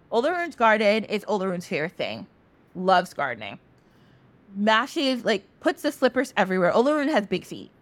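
A woman podcast host casually retelling a myth, animated, swearing now and then and jumping into the characters' voices. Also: medium pitch, no echo. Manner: animated, acts out characters' lines with quick voice shifts; swears casually and laughs while telling. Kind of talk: casual storytelling.

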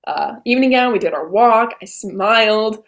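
A young woman in her late teens, a podcast guest, retelling events in a bubbly, animated way with lots of "I was like.". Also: fairly high pitch, normal speed. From Vermont. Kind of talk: casual interview storytelling.

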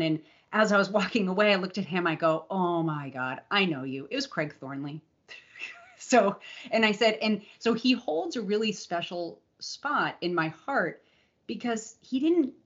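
A woman co-hosting a podcast, telling a personal race story in a candid, animated way with frequent restarts and laughter. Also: on the low side, muffled recording. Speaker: podcast co-host and endurance coach. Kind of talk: casual storytelling chat.

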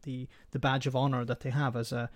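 A man's voice: mid-range voice, flat delivery, fairly quick, dry recording. A man co-hosting a political discussion, explaining his points step by step and repeating words as he thinks. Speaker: podcast co-host. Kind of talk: casual political chat.

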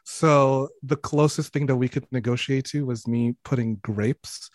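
Male guest, casual podcast talk, mid-pitched, frank and jokey, dry close mic. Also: steady tone, unhurried, no echo. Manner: frank, joking, often laughing. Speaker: podcast guest, sex educator.

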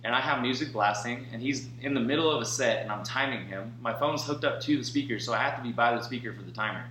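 A man co-hosting a laid-back podcast, swearing freely as he rambles through a story full of fillers. His voice sits at an everyday pitch and rings around a reverberant room. A faint hum runs underneath. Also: fast talker, fairly bright tone. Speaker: podcast co-host. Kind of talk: casual chat.

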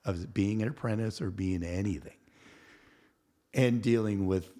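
A man's voice: lowish voice, a little slow. A man in his sixties, a podcast guest, telling a work story in casual chat, acting out the people he quotes and swearing freely. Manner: animated storyteller who acts out quotes, laughs and swears.

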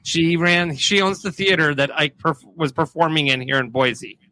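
A man's voice: on the high side, normal speed, sharp tone, dry recording. A man co-hosting a live show, reading out viewers' names from the chat. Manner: easygoing, reads out viewer names.

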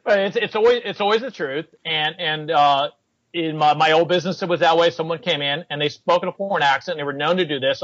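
A man with a fairly high voice chats about fitness and tells stories, slipping into the voices of the people he quotes. The sound is dry and a little dull. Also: fast, dry recording. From United States. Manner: animated storyteller, acts out quoted people. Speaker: fitness coach. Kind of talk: casual chat.

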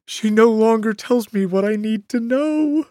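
The narrator voicing a distraught, unstable grown man who wails and pleads in a high, trembling voice. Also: a little slow, darkish tone, no room sound, clean studio sound, close to an everyday voice. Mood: wailing.

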